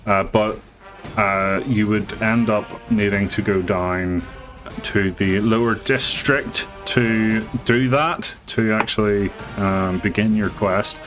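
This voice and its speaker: Slow, low-voiced man running a tabletop game. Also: steady tone, music in the background. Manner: halting, with many fillers and restarts. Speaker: game master. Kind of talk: narrating a live tabletop game.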